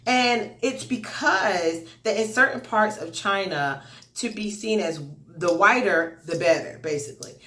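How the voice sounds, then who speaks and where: A woman's voice: medium pitch, measured pace. A woman who teaches English online tells stories about her students in a casual, chatty way, speaking straight to her viewers. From United States. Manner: animated, chatty, addresses viewers directly. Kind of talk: casual vlog storytelling.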